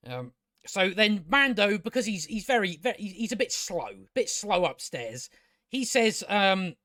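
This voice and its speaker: A man's voice: high-pitched, very animated, normal speed, a bit bright, no echo, clean studio sound. A man giving a casual spoken review, sarcastic and exasperated, rambling with restarts and swearing. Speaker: video reviewer.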